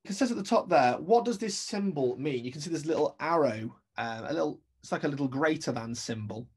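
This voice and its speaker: A man's voice: on the high side, animated, fairly quick, husky. A man teaching an English-accented remote music lesson, explaining step by step and counting beats aloud.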